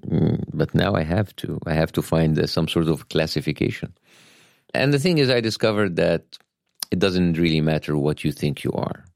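A middle-aged man with an Egyptian Arabic accent speaks in a very low, gravelly voice. He talks in a wry, self-deprecating way and pauses to think. The sound is close and dry. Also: a little mellow, no room sound. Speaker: satirist guest. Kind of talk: conversational interview.

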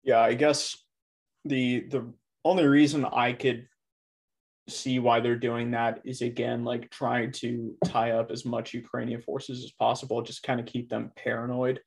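A man with a middle-pitched voice talks loosely and casually. His sentences are packed with fillers and restarts, and he sounds like he is speaking off the cuff in a relaxed chat. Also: unhurried, vocal fry. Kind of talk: casual discussion.

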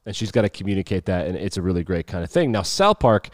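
A man's voice: low voice, big pitch swings, quick pace, few pauses, dry recording, clean studio sound. A young man co-hosting a podcast, telling stories in a rambling, casual way and laughing often. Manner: rambling storyteller, laughs often, acts out quotes. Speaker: podcast co-host. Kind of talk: casual chat.

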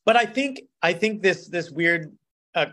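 A man's voice: sits high, lively intonation, measured pace, sharp tone. A man co-hosting a podcast in casual chat, rambling, repeating himself and laughing often. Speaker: podcast co-host.

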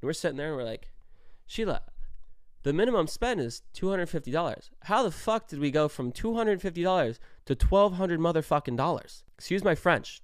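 A young man in his twenties telling a story in a casual, animated way, swearing often and stressing his words. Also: fairly high pitch, fairly quick, clean tone, no room sound, studio quality. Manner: animated, profane, emphatic storytelling.

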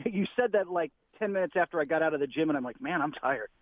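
A man calling in as a basketball writer, talking casually and rambling with quick asides and restarts. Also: on the high side, expressive, dry recording. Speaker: basketball writer, radio guest. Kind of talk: casual sports talk on a phone line. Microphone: phone. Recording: tinny phone line.

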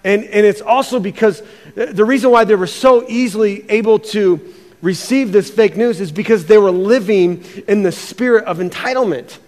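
High-voiced animated pastor in a reverberant hall. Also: male voice, normal speed. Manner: animated, repeats words, acts out quotes. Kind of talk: sermon.

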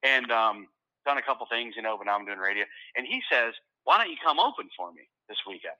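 A middle-aged stand-up comedian tells a story in loose, animated conversation, speaking fast at a medium pitch and often repeating words as his excitement builds. The highs in the audio are cut off.

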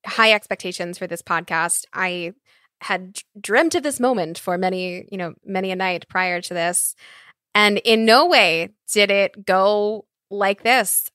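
A woman hosts a podcast and gushes with effusive praise in easy chat. Her voice is bright and forceful. The sound is dry and close. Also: medium pitch, clear, resonant tone, no echo. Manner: gushing, effusive. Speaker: podcast host.

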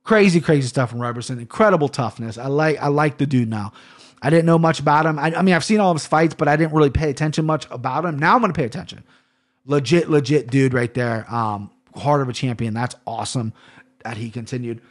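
Podcast host, male, mid-pitched, loose and profane, rambling fight talk. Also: quick pace. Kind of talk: casual solo podcast chat.

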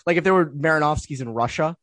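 A young man, a hockey reporter, co-hosting a casual podcast chat in a relaxed, jokey way and steering the topics. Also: fairly high pitch, quick pace.

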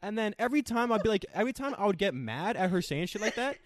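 A young man tells a personal story at a rapid clip, cursing freely and acting out the lines he quotes. His voice sits a little high for a man. The sound is close and dry. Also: no room sound. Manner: profane, animated storytelling with quoted dialogue. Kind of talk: casual chat.

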